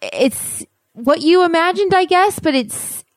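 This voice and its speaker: A woman's voice: very high-pitched, animated, slow, no echo, clean studio sound. A young woman co-hosting a casual travel chat, teasing and laughing easily, with lots of "like". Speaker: travel podcast co-host.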